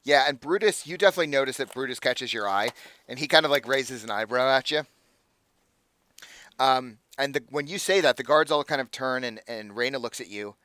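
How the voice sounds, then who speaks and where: A man's voice: mid-range voice, fairly quick, bright, forceful tone. A man narrating a tabletop game as game master, rambling with lots of fillers.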